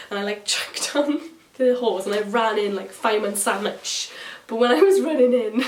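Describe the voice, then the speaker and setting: A woman's voice: mid-range voice, a little fast. Young woman, chatty beauty vlogger, lots of "like", echoey room, slightly distant mic. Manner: chatty, storytelling, swears, says like a lot. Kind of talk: chatty get-ready-with-me vlog.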